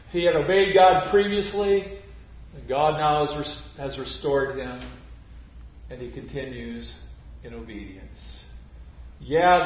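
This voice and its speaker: Slow, echoey preaching man. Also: on the high side. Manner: slow, deliberate preaching, dropping to near-whisper on key phrases. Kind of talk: sermon. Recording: muffled, very echoey church recording.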